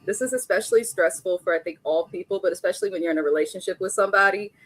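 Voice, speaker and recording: A woman's voice: mid-range voice, racing, dry recording. A young adult woman hosting a live stream, giving a casual, blunt recap of a reality show with frequent chatty asides.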